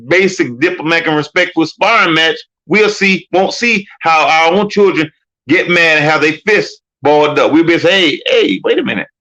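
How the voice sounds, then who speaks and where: An earnest man in a casual discussion, his voice sitting a little high. He restarts phrases as he works out his point. The audio is dull and lo-fi. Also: pushed and bright. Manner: earnest, repeats himself while searching for words. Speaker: panelist.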